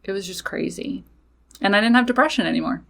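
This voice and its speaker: A woman who is a mother and a podcast host, casually telling a personal story, animated, swearing freely and talking straight to her listeners. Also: medium pitch, fast, creaky. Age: adult with children.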